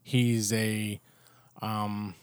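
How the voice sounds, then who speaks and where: A man's voice: lowish voice, little pitch movement, extremely slow, clean tone, no room sound. Man talking faith in a dry podcast. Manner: conversational, thinks aloud with restarts and "you know". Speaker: podcast co-host. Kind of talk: casual faith podcast chat.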